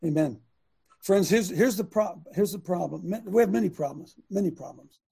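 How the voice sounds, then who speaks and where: A man with a high, breathy, husky voice hosts a fiery preaching talk show. He speaks emphatically, pushing into shouts when he drives a point home. He sounds middle-aged. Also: moderate pace.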